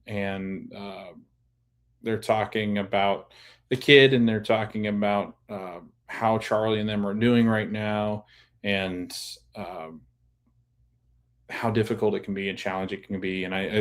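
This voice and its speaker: A man hosting a podcast, casually recapping a TV episode in a chatty way and laughing often as he retells scenes. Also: fairly low pitch. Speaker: podcast host.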